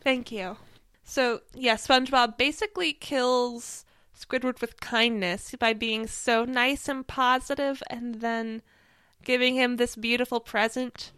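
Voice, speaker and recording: A young woman co-hosting a podcast in casual chat, animated and laughing often. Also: on the high side, a little slow, smooth, no room sound, studio quality. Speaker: podcast co-host.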